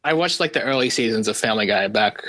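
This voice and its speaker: A man's voice: on the low side, lively intonation, fast talker, background noise. A man with an Australian accent, a guest on a podcast, rambling casually with many fillers. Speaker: guest animator. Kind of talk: casual chat.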